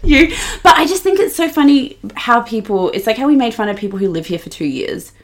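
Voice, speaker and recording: A young woman co-hosting a podcast, gossiping in a casual, animated, sweary way and mimicking the people she talks about. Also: fairly high pitch, brisk. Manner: animated, sweary, mocking quoted voices. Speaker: podcast co-host.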